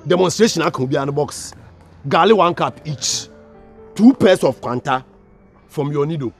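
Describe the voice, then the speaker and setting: A man's voice: on the high side, normal speed, faint music behind. A man with a Ghanaian accent playing a senior student who mocks and orders juniors around. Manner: bossy, mocking, barking orders. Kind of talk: comedy skit acting.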